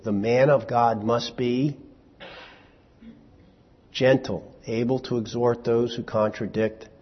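Husky preacher in a big hall. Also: male voice, mid-range voice. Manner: asks the audience questions and answers them; conversational, with small restarts. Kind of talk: sermon. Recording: dull, lo-fi hall recording.

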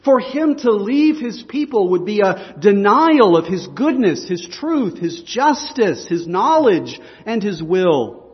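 Slow, high-voiced male preacher. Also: very animated, big-room sound, highs cut off. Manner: earnest, emphatic preaching with repeated restarts. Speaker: pastor. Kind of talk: sermon.

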